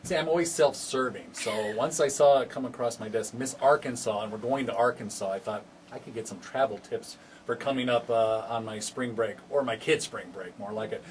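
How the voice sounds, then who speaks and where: A man's voice: medium pitch, fairly quick, a little hiss or hum. A man hosting a radio talk show, joking and rambling as he asks questions. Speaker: radio host.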